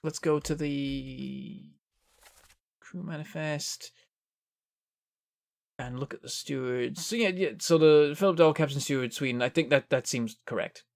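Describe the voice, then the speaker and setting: A man's voice: fairly high pitch, measured pace, vocal fry, long pauses. A man giving casual gameplay commentary, thinking aloud as he works things out. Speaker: game streamer.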